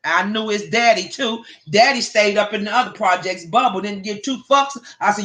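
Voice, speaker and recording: A woman hosting a livestream, chatting casually with viewers and telling animated, profane stories. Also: medium pitch, normal speed, few pauses. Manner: addresses viewers by name. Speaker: livestream host.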